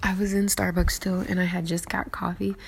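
Soft-spoken woman with a gravelly edge. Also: fairly low pitch, little pitch movement, a little fast, slight background noise. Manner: earnest and reflective, with restarts. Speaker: faith vlogger sharing her journaling. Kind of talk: casual devotional talk.

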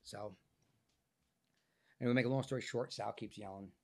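A man, an actor guest on a podcast, telling a story in a profane, animated way, his voice changed by illness. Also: lowish voice, normal speed, creaky. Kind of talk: casual podcast interview storytelling.

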